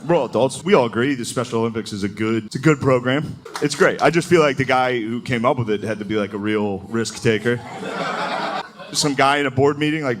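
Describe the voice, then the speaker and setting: A man's voice: medium pitch, a little fast, heavy background noise. A man doing a crude, conversational stand-up set, chuckling as he talks. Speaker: stand-up comedian.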